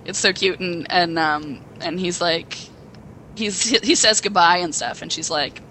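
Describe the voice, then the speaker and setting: Excitable young woman with a bright voice. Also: lowish voice, unhurried, a little hiss or hum, low-quality recording. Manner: excitable, rambling plot retelling with acted quotes. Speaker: podcast co-host. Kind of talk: casual chat.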